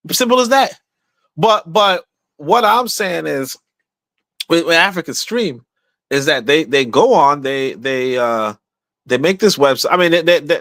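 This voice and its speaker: A man's voice: high-pitched, fairly bright tone, no room sound. A man hosting a livestream podcast, talking in a casual, emphatic way, repeating himself and asking rhetorical questions. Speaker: podcast host.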